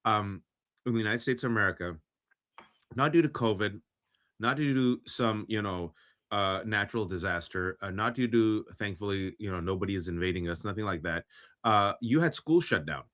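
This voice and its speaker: A man's voice: lowish voice, moderate pace, a bit bright. A man co-hosting a political talk show, delivering impassioned, sarcastic commentary. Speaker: co-host.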